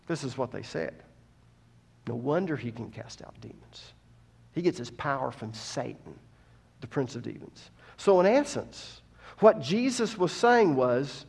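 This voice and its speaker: A male preacher delivering a sermon. He goes from quiet teaching to loud, impassioned preaching and asks the congregation questions. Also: fairly high pitch, lively intonation, a little slow, vocal fry, breathy edge.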